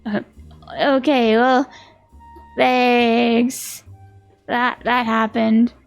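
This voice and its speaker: Giggly high-voiced woman streamer. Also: little pitch movement, very slow, gravelly, smooth, soft background music. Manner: giggly, playful, chatty. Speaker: streamer playing a game. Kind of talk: casual live game commentary.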